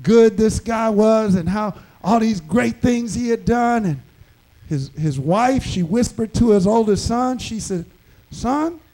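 A man preaching a sermon, emphatic and dramatic, shouting key lines. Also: sits high, a little slow, poor audio.

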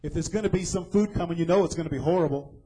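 A man's voice: on the high side, rapid-fire, mellow, breathy edge, faint music behind, poor audio. A man preaching a sermon, retelling a scripture story dramatically and asking the listeners questions.

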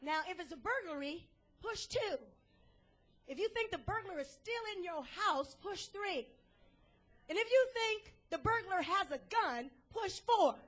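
Lady preacher doing a robotic phone menu voice, high and bright, reading off options one by one. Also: lively intonation, unhurried, full character voice. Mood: mechanical. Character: automated emergency phone menu voice, flat and mechanical.

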